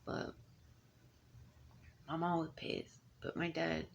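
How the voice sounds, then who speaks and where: A woman in her thirties rambles through a casual monologue, often restarting and going off on asides. Her voice sits a little low and has a gravelly fry to it. A faint hiss of background noise runs under the recording. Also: completely flat delivery, slow pace, muffled recording. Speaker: parent.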